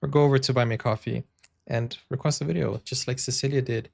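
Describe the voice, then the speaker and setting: A man's voice: mid-range voice, fairly even intonation, quick pace, creaky. A man hosting a video reaction channel, chatting casually and wondering aloud as he tries out words. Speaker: YouTube reaction host.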